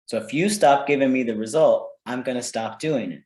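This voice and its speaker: A man of middle pitch leads a casual teaching talk for parents, tossing out "right?" to check that the room follows along. His voice carries a roomy echo from the space around him. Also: a little fast, darkish tone. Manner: conversational, keeps checking in with "right?". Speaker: parenting workshop presenter.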